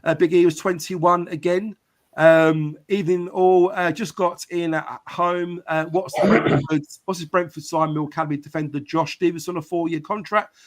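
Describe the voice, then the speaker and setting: A man hosts a live football podcast, reading viewers' comments aloud and answering them in casual, chatty live-stream talk. His voice is on the high side, with fairly even intonation and a normal speed.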